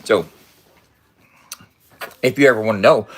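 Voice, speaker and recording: A man's voice: mid-range voice, lively intonation, moderate pace, long pauses, a bit bright. A man in his fifties talking casually in a loose, profane, boastful way and laughing often. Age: 50s. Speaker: vlogger. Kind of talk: casual rambling vlog.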